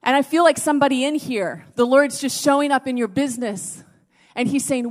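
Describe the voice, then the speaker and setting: Female pastor, higher voice, mid-sermon; intimate near-whispers that build to emphatic, passionate appeals. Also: fairly quick, in a large hall. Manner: swings from hushed near-whispers to emphatic raised exhortation. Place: church service before a congregation.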